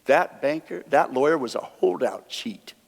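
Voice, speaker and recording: A man's voice: mid-range voice, lively intonation, a little slow, vocal fry. A man performing card magic on a theater stage, telling folksy anecdotes and chuckling at his own punchlines. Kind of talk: live stage storytelling with card tricks. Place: theater stage before an audience. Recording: long hall reverb from a stage.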